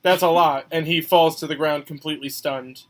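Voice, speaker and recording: A man's voice: a little high, fairly even intonation, a bit bright. A man running a tabletop game as dungeon master, narrating the action and laughing often. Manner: laughs often, quick rulings.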